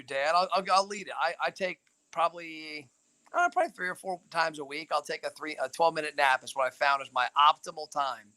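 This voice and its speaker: A man's voice: on the high side, bright, forceful tone. A young man hosting a casual live-stream chat from a back-porch hammock, teasing and playful. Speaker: host. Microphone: phone camera.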